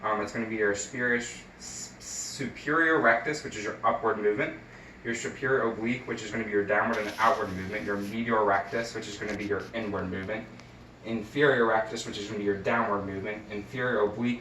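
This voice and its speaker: A man's voice: fairly low pitch, a bit bright, distant mic, a little hiss or hum. A young man, a nursing student, talking through a health exam step by step with frequent ums and uhs. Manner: hesitant, many fillers, explains each step. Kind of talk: recorded skills demonstration. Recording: echoey room, voice from off-mic.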